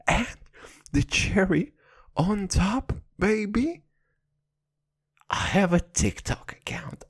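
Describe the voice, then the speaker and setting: Man, twenties, hoarse, slow unhurried delivery, swooping lively pitch, profane rambling mock-dramatic rant. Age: 20s. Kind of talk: casual comic rant.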